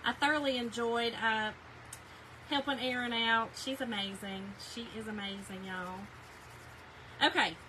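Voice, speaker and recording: Unhurried and pausing often, a middle-aged woman chats on a live craft stream from her home craft room in a slightly high, bright, forceful voice. She speaks straight to viewers and reads out their comments to answer them, while a low-quality recording adds a little hiss or hum.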